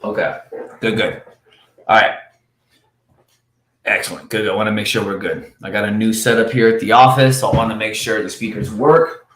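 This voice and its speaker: A man coaching cold calling live from his office, talking with high energy. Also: steady tone, normal speed, long pauses, fairly bright tone, roomy sound. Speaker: sales coach.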